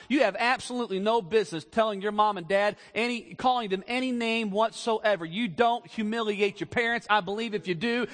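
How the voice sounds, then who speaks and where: A man's voice: sits high, fairly bright tone. A man preaching a sermon in a church, emphatic and calling for amens from the congregation. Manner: emphatic, call-and-response preaching. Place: church sanctuary. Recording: long hall reverb.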